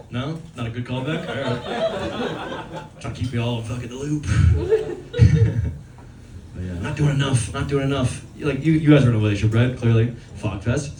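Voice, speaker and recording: A man in his thirties from Newfoundland doing a fast, rambling, profane stand-up comedy set, often laughing at his own jokes. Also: medium pitch, very animated, noisy background. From Newfoundland, Canada. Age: 30s. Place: comedy club stage. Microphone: stage microphone. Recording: roomy live club sound from a distance with loud crowd. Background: audience laughter.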